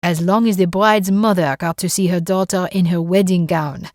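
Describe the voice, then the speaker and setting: A woman voicing an older male French judge with a French accent, matter-of-fact and booming, in an audiobook. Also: steady tone, normal speed, no room sound, clean studio sound, lightly acted. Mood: measured.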